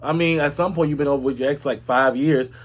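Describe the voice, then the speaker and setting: A man hosting a casual gossip podcast in a sassy, animated way, calling his listeners girl and baby. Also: on the high side, fast. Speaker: podcast host.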